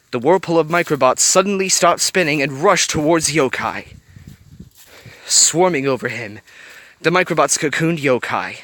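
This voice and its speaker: A man reading a fan fiction story aloud with animated storytelling. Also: on the high side, no echo. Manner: animated storytelling, varied voices. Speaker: reader.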